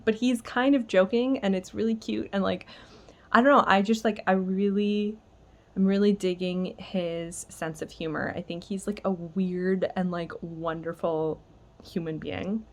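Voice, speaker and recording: A woman's voice: medium pitch, steady tone, a little slow. A woman vlogger chatting casually about what she is reading, gushing and chatty, with lots of "like". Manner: gushing, chatty, heavy use of "like". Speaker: book vlogger. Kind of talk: casual reading vlog chat.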